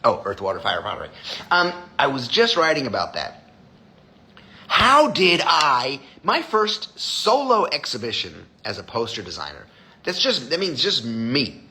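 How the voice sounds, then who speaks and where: Animated, bright-voiced, profane male streamer. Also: mid-range voice, measured pace. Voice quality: profane, blunt and emphatic. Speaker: designer hosting a live stream. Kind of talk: casual live-stream chat with viewers.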